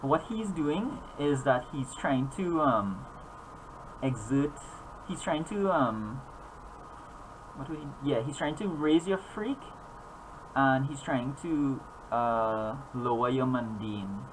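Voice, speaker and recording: A man's voice: mid-range voice, animated, slow pace, a little hiss or hum, low-quality recording. Rambling man running a tabletop game. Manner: rambling, many fillers and restarts. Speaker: game master.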